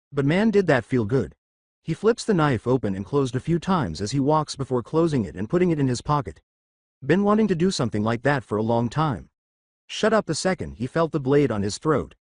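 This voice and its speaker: A man reads fan fiction aloud in a steady storytelling manner. His voice sits at a middle pitch with lively swings, and the recording is dry and close. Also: no room sound. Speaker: narrator. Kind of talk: scripted fan fiction narration.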